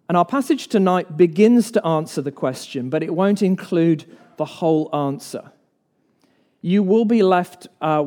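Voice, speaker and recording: A man's voice: on the high side, dark tone. A man preaching an evening sermon in church, earnest and emphatic, posing rhetorical questions to the congregation.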